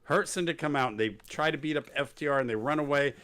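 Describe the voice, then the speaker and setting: A man's voice: a little high, fast, a bit bright, clear, resonant tone. A man hosting a wrestling podcast, recapping the show in casual chat with sarcasm and silly impressions of wrestlers. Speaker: podcast host.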